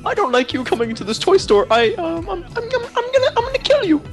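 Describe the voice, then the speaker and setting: A man's voice: extremely high pitch, sing-song, quick pace, soft background music. A man voicing a scheming, murderous baby boy with a posh voice, stammering out giggly threats.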